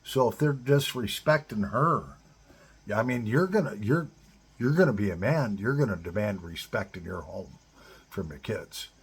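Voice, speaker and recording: A middle-aged man with a deep-set, heavily raspy voice, talking bluntly and profanely to other men. His delivery is a casual advice monologue, direct and plain-spoken, with rough language throughout. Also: lively intonation, normal speed. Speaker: advice-giver to divorced fathers.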